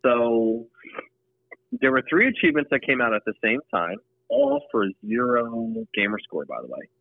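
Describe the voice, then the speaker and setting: A man's voice: medium pitch, huge pitch swings, moderate pace, creaky, no echo. A man co-hosting a casual gaming chat, matter-of-fact as he reads out game stats. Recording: dry, phone-like call audio.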